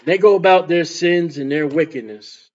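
A man's voice: on the high side, normal speed, highs cut off. A man preaching a fervent sermon as a street preacher. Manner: fervent, mocking laughter when imitating scoffers.

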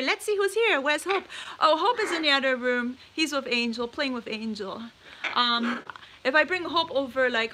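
A woman chatting casually on a livestream from her bedroom, cooing softly to her pet birds between remarks. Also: fairly high pitch, a little hiss or hum, poor audio. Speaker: parrot vlogger.

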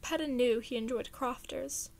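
A woman reading fan fiction aloud in a casual, chatty and expressive way. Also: high voice, normal speed, vocal fry.

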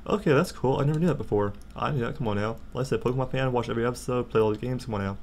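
A young man giving casual, jokey let's play commentary and reading game text aloud, excitable and prone to sudden outbursts. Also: racing, creaky, hardly any pauses, a little hiss or hum. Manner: excitable, jokey, jumps to high-pitched outbursts. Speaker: gaming channel host.

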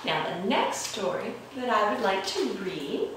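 A woman reading a picture book aloud to children in a playful, expressive way, with roars and chuckles, recorded in an echoey room from far off. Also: medium pitch, a little slow, background noise. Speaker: children's librarian.

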